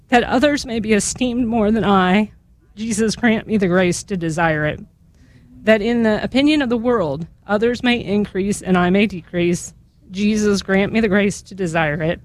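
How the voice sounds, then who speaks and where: A woman's voice: medium pitch, no room sound. Woman guest on a radio call-in show, leads the prayer earnestly and devoutly, dry close studio mic. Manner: earnest, slow and devout, voice catching with emotion. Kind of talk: reading a litany aloud.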